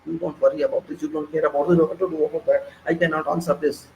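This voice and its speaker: A high-voiced man with an Indian accent rants fast and hard in a political monologue. He gets excitable and hammers his points with repetition. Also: creaky, muffled recording, slight background noise. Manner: excitable, ranting, repetitive emphasis. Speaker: political commentator.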